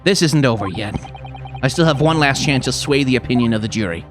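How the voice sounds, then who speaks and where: A man's voice: medium pitch, expressive, brisk, over music, voice pushed down, close to an everyday voice. A man voicing a young male defense lawyer, anxious but determined, thinking aloud. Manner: worried inner monologue.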